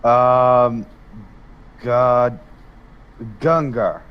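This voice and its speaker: A man's voice: mid-range voice, clean tone, dull audio. A man playing in a tabletop game, talking casually and hesitantly. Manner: hesitant, halting. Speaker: player.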